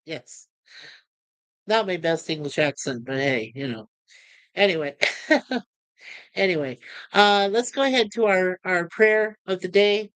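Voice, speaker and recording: A man's voice: high-pitched, unhurried, pauses often, a bit bright, dry recording. A middle-aged man hosting a livestream, chatting casually and rambling as he reads viewer comments. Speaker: livestream host.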